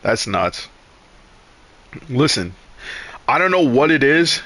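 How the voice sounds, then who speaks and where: Bright-voiced man telling stories on stream. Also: mid-range voice, slow pace. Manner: animated, profane, rambling with restarts. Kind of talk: casual storytelling on a live stream.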